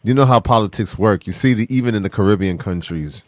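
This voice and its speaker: A man's voice: lowish voice, fast, no room sound. A man co-hosting a podcast in laid-back casual chat, often chiming in to agree. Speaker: podcast co-host.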